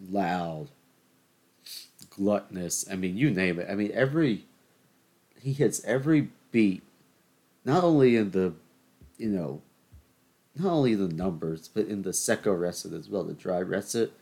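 A man's voice: lively intonation, measured pace, long pauses. A man hosting a podcast, ranting in a loose, opinionated way with lots of fillers and restarts. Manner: bursts into loud, high exasperation at a game on TV. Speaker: podcast host. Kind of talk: casual solo rant.

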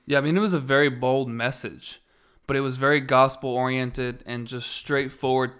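A man, a church minister and co-host, speaking in a measured, thoughtful way in a casual ministry chat, with some fillers. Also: medium pitch, steady tone, fairly bright tone, smooth.

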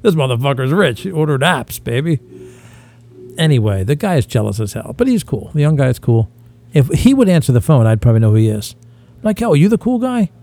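A man's voice: medium pitch, sing-song, a little fast, creaky, dark tone. A man in his fifties telling rambling, profane stories in casual podcast chat, slipping into impressions. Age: 50s. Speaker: podcast co-host.

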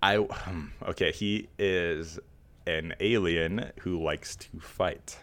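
A man's voice: deep voice, fairly even intonation, slow pace, fairly bright tone. A young man hosting a casual quiz game with friends, teasing them, laughing often and swearing casually. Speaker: podcast host running a quiz game. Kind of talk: casual chat.

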